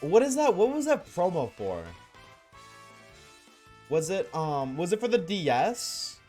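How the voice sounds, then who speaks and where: A man's voice: sits high, sing-song, unhurried, darkish tone, soft background music. A man streaming live, chatting casually and joking with his viewers, often laughing.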